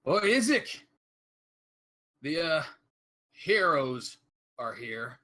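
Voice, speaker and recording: A man's voice: medium pitch, very animated, slow pace, fairly bright tone, slightly rough, full character voice. A man voicing a sarcastic, dismissive male guard at a mansion door in a tabletop game.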